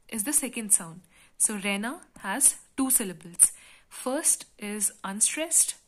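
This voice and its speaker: A woman gives a poetry lesson in a slow, unhurried voice that sits a little high. She explains each point patiently, often pausing and filling gaps with "uh" and "so.". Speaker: literature teacher. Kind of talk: classroom lecture.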